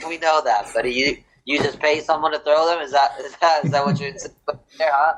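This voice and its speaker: A man's voice: fairly high pitch, steady tone, a little fast, fairly bright tone, rough recording. A man co-hosting a casual sports podcast, joking and mocking as he talks. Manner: joking, mocking, acts out quotes. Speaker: podcast co-host.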